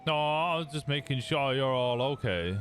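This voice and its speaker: A man's voice: medium pitch, expressive, moderate pace, fairly bright tone, a little hiss or hum, pitched above the performer's own voice, close to an everyday voice. An English man voicing a friendly, polite Southern US police officer with a folksy drawl, in a role-play game. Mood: reassuring. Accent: Southern US, put on.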